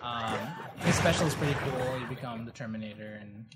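A man at an ordinary mid-range pitch, rambling casually as he plays. He jumps between easygoing remarks and loud, excitable outbursts. A clear layer of background noise runs under his voice. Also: brisk. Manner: excitable, loose and rambling, with frequent exclamations. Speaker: gaming channel host. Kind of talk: casual gameplay commentary.

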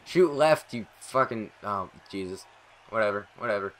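A young man giving live commentary over a video game, excitable and rambling, swearing often and talking to himself. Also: lowish voice, normal speed. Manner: excitable, swears a lot, rambling self-talk. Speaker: gaming commentator.

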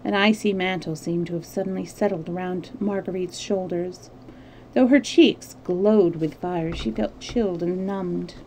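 A woman reading a classic novel aloud as a storyteller, steady with small slips and restarts. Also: on the low side, unhurried, slight background noise, poor audio.

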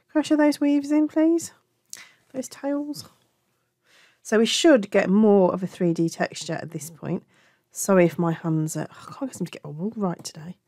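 Teaching a crochet tutorial, this woman from England's Black Country is warm and talkative, frequently stopping to correct herself. She speaks on the low side with a darkish tone, recorded dry at studio quality.

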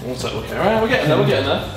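A man's voice: a little high, big pitch swings, rapid-fire. A man doing casual vlog commentary as he attempts a challenge, laughing at himself and swearing when he fails. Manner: laughing, self-mocking, swears when failing. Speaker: challenge participant. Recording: echoey room with background music.

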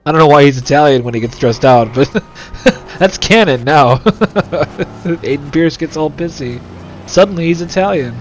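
Profane, animated young man gaming. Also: on the high side, unhurried, soft background music. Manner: profane, sarcastic, joking. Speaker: let's play host. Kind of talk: casual gameplay commentary.

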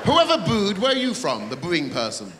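A man doing live stand-up comedy, teasing the audience and bursting into shouts. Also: sits high, huge pitch swings, normal speed, background noise. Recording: live theatre recording, long reverb, loud crowd.

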